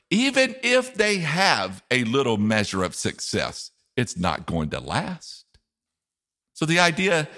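A man's voice: mid-range voice, bright, forceful tone, big-room sound. A man preaching a sermon as pastor, speaking emphatically and repeating key phrases.

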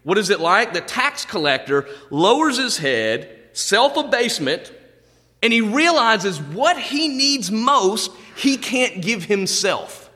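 A man's voice: sits high, sing-song, slow pace, pushed and bright, long reverb tail. A male pastor preaching a sermon, quoting scripture with dramatic swings in delivery. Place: church sanctuary.

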